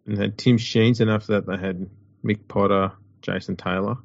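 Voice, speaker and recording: A man's voice: lowish voice, fairly even intonation, normal speed, creaky, dry recording. A man, co-hosting a sports chat show, rambling and wry. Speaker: podcast co-host. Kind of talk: casual chat. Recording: dull lo-fi audio.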